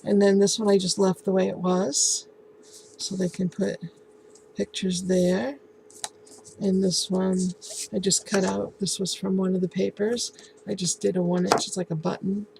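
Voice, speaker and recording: A woman crafter talks through a handmade project in an easygoing show-and-tell. Her voice has a gravelly, creaky edge and stays fairly level in pitch. She pauses often with ums and restarts her sentences, and a faint hiss sits under the recording. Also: rough recording. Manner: relaxed, halting, lots of ums and restarts. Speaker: crafting vlogger.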